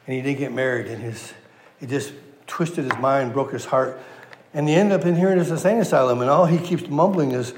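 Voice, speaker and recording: A man's voice: medium pitch, a little fast, reverberant, a little hiss or hum. Guy pastor preaching, folksy, repeats stuff, voice drops off at the ends. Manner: folksy, repeats phrases for emphasis. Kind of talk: sermon with a joke.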